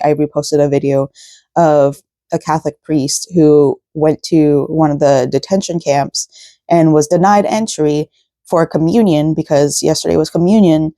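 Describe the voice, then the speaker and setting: Mellow-voiced woman rambling through a vlog. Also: sits low, no room sound, studio quality. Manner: rambling, full of "like" fillers. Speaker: craft vlogger. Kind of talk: casual vlog chat. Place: at home at night.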